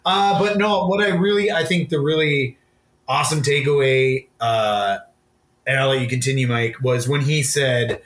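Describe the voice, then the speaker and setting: A man's voice: medium pitch, moderate pace, fairly bright tone, echoey room. A man co-hosting a podcast in casual chat, loose and enthusiastic, giggling a little as he talks. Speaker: podcast co-host.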